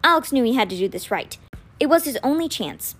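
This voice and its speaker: Reading a children's novel aloud chapter by chapter, this woman first recaps and then narrates in a fairly quick, husky voice. Her pitch sits fairly high and moves a great deal, giving an expressive, animated storytelling feel.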